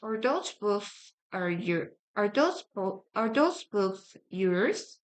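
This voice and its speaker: Slow halting woman reading drill lines. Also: mid-range voice, sing-song. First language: Korean. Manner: slow, repeats each sentence, halting restarts. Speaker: study-with-me streamer. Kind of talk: reading grammar drill sentences aloud.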